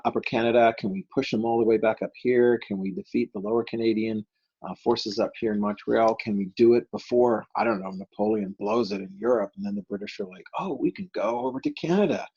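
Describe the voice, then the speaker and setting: American guy teaching history, husky gravelly voice, lots of ums, kinda muffled lo-fi audio. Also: on the low side, a little mellow. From United States. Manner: conversational, filler-heavy, asks rhetorical questions, acts out quotes. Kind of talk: recorded classroom lecture. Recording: dull lo-fi recording.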